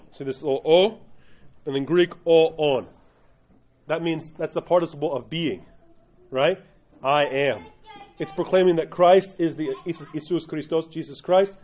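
This Orthodox Christian teacher has a slightly high, warm voice and leads a group through a religion class. He keeps stopping to quiz the class, and his pacing is uneven. The recording sounds dull and lo-fi.

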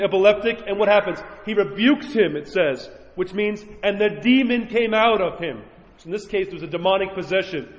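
High-voiced man preaching in an echoey hall. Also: highs cut off. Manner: earnest, conversational preaching with sudden slowed emphasis. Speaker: priest. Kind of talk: sermon.

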